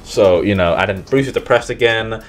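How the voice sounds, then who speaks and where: Rambling young man, low voice. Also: moderate pace, soft background music. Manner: rambling, swearing, self-mocking. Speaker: movie reviewer. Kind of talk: casual film recap commentary.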